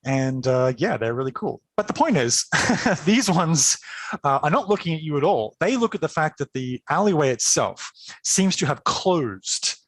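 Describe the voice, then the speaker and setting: A man running a tabletop game, narrating scenes and explaining rules with chatty enthusiasm and many fillers. His voice sits a bit high for a man and is recorded dry, with no room sound. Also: very animated, normal speed, dry recording. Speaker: game master.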